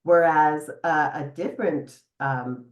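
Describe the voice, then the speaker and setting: A middle-aged woman psychotherapist talking casually as a podcast guest, animated, laughing now and then as she explains. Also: sits low, slow, lo-fi sound. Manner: animated, laughs often, guides listener through exercise. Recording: echoey room.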